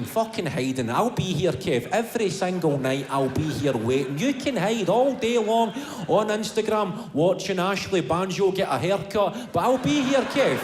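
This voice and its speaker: A man doing his low, nagging inner night voice. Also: noisy background. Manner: low, needling, drawn out. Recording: live comedy hall, crowd laughter.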